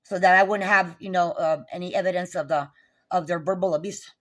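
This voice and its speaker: A woman's voice: fairly low pitch, fairly even intonation, brisk. A woman, recounting a neighbor dispute in an agitated, profane, repetitive rant. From New Mexico. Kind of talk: angry recounting vlog.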